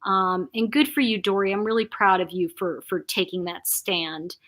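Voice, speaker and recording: A chatty woman hosting a live stream, talking straight to her viewers. She is effusive and warm with her audience, often restarting her sentences and filling gaps with little asides. Her pitch sits in a middle register. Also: normal speed. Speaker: host of a live chat channel. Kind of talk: casual live-stream chat reading viewer comments.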